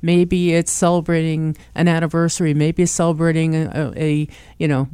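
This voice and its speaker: A woman guest on a radio show speaks in a fairly low, mellow voice. She is enthusiastic and talks in quick bursts. The studio sound is dry and close. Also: level tone, smooth, dry recording. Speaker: guest, cruise company representative. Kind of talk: casual radio interview.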